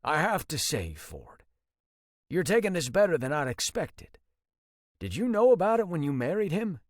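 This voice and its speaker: A man's voice: a little high, sing-song, moderate pace, no echo, clean studio sound, voice pushed up. A man doing a concerned rancher dad. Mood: probing. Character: concerned older rancher father.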